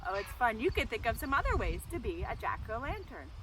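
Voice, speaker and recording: High, lively children's librarian woman. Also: a little fast, hardly any pauses. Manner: animated, sing-song, talks to kids and goats. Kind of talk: children's lesson with goats. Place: outdoor goat yard. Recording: noisy outdoor goat yard.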